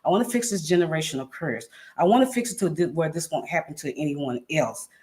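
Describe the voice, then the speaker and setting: A woman's voice: low-pitched, animated, fast talker, warm tone. A woman guest telling a personal story in an interview, earnest and emphatic, repeating phrases for weight.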